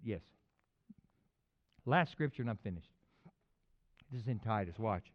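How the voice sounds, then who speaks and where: A man preaching a casual, animated sermon that swings from quiet talk to loud, excited peaks. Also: fairly low pitch, a little slow, long pauses. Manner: animated, conversational preaching with sudden loud peaks and acted voices. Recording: dull lo-fi recording.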